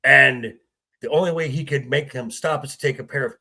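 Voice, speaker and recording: A man with a husky, gravelly voice, a guest in a casual film discussion, retelling scenes haltingly. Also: medium pitch, pushed and bright. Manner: halting retelling with acted quotes. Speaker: podcast guest.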